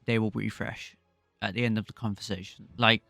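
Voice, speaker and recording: A man's voice: lowish voice, level tone, fairly quick, vocal fry, fairly bright tone, no room sound. Rambling man co-hosting a podcast. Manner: rambling, thinks aloud with fillers. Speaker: podcast co-host. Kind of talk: casual game discussion.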